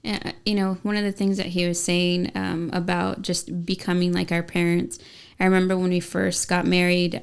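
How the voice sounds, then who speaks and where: Woman, 30s, parenting podcast co-host, candid chatty delivery, resonant and slightly low. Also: vocal fry, clear, resonant tone. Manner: candid and chatty, with many fillers. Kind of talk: casual parenting podcast chat.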